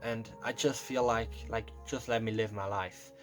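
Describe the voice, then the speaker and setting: Young man, confessional vlog monologue, emotional and rambling, near tears, soft music underneath. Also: on the low side, steady tone, moderate pace. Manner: rambling and emotional, heavy on fillers and swearing. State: close to tears. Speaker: vlogger. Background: faint background music.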